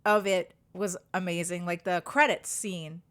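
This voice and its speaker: A woman's voice: fairly low pitch, fairly even intonation, measured pace, fairly bright tone, clean tone. A woman co-hosting a casual podcast, talking in an enthusiastic, emphatic way and swearing now and then. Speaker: podcast co-host. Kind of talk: casual chat. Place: home, live-streamed podcast.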